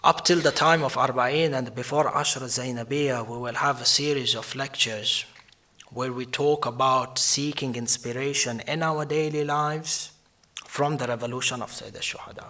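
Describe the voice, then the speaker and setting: A shaikh gives a mournful Muharram lecture, mixing Arabic religious terms into his English and swelling into lamenting cries. His mid-range voice sounds pushed and bright, with a steady tone at normal speed.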